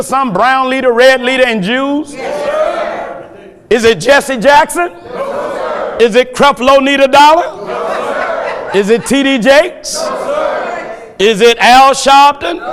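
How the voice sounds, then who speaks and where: A man preaching a fiery sermon, shouting his points with chuckling asides between them. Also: very high voice, slow, pauses often, a crowd in the background. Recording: long hall reverb.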